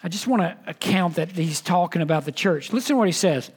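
A man preaching a sermon. He reads scripture aloud, often repeats words and restarts his sentences, and drops to a hush for emphasis. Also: sits high, animated, fast, husky. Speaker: pastor.

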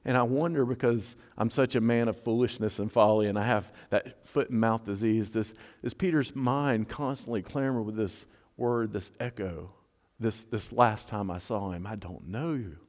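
A man preaching a sermon as a pastor, earnest, dropping to a hush and rising to fervent emphasis. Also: on the low side, normal speed, in a large hall. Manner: earnest, swings from hushed to fervent.

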